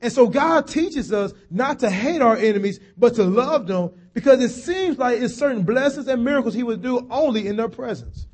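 A preacher with a notably high voice, talking to his congregation in a folksy, conversational way. He slows down and drops low on key phrases, then rises when he stresses a point. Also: lively intonation, darkish tone, slightly rough. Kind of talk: sermon.

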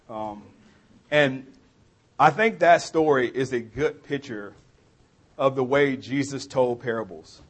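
A man from the New Orleans area with a New Orleans accent, preaching a sermon as a pastor in a relaxed, story-telling way. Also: fairly high pitch. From New Orleans area, USA.

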